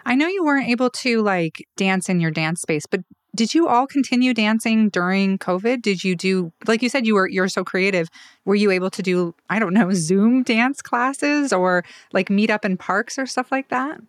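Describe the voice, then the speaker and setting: A woman hosts an interview, chatty and quick to be moved by her guest. Her voice sits at a middle pitch. It is recorded close and dry with no room sound. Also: no echo. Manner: warm, chatty, easily moved. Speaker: host.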